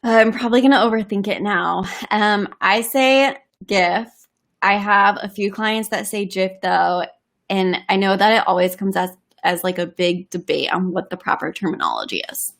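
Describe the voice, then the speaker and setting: Woman, webinar panelist, casual and conversational, fillers, middle pitch. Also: animated, normal speed, gravelly, a bit bright. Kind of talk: giving advice on a live webinar.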